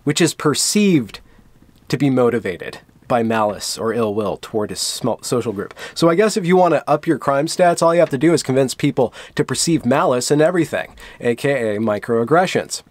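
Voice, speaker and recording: A man's voice: mid-range voice, lively intonation, moderate pace, a little mellow, no room sound. A man giving sarcastic commentary, reading news text aloud and adding dry, sardonic asides. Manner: dry, sardonic asides between read-out quotes. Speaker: commentary vlogger.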